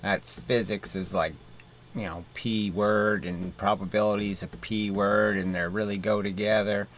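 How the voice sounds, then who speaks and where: A man voicing a mock science video host, answering in a slow, rambling way full of fillers. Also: lowish voice, little pitch movement, a little hiss or hum, close to an everyday voice. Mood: patronizing. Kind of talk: comic mock interview.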